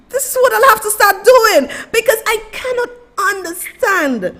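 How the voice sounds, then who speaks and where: High-voiced, impassioned Saint Lucian woman. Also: sing-song, moderate pace, hardly any pauses, sharp tone. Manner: impassioned, exclaiming, laughing in disbelief. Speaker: host. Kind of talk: live-stream political commentary.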